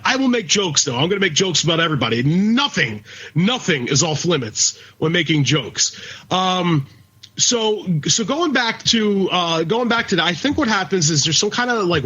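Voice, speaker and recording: A man's voice: high voice, bright, forceful tone, slightly rough. A man co-hosting a casual podcast, talking in a blunt, profane rant. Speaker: podcast co-host. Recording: dull lo-fi recording.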